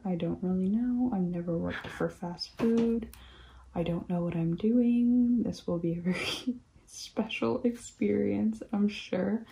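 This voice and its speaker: A young woman talks through a relaxed craft vlog from home, rambling and filling her sentences with "like." Her voice is mellow and warm, and she bounces into the voices of the people in her stories. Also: on the low side, vocal fry. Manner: rambling, peppered with "like", animated retelling of quotes. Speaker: craft vlogger. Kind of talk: casual chatty storytime while crafting.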